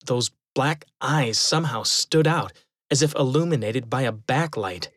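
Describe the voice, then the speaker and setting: A man telling a first-person eerie story in a measured, steady way, slowing down at tense moments. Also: mid-range voice, dry recording, studio quality.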